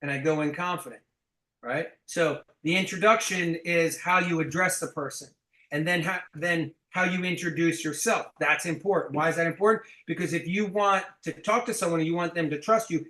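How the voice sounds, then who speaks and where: A man's voice: high voice, normal speed, a bit bright, roomy sound, rough recording. A man coaching a sales team, blunt and emphatic, swearing casually as he explains.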